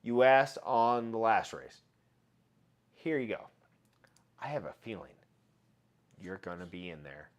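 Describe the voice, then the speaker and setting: Man, live stream host, casual chat, lively swinging pitch, greets viewers by name. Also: measured pace, pauses often. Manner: chatty, reads out viewer names and shouts greetings. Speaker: livestream host.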